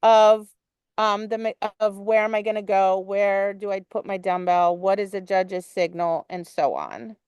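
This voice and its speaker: Woman dog trainer, frank and forceful, swears easily; clear tone, close dry sound. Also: mid-range voice, a little slow, no room sound. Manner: blunt and emphatic, swears casually. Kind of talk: coaching a training session.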